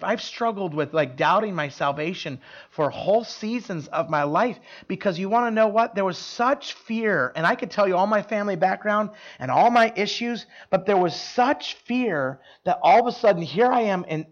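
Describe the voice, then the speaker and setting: Man, high voice, preacher, emphatic sermon storytelling, restarts often, lo-fi recording. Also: animated, normal speed, hardly any pauses. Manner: earnest, emphatic, with many restarts.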